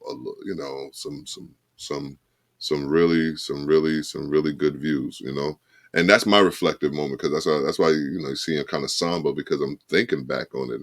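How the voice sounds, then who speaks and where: Very deep-voiced man, halting and reflective. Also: no room sound, studio quality. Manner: reflective, halting with many restarts and fillers. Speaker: podcast co-host. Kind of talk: casual podcast chat.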